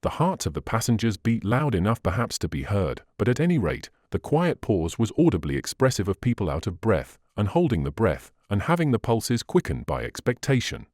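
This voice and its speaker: A man narrating a classic novel as an audiobook, in a measured, expressive reading. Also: lowish voice, no room sound, clean studio sound.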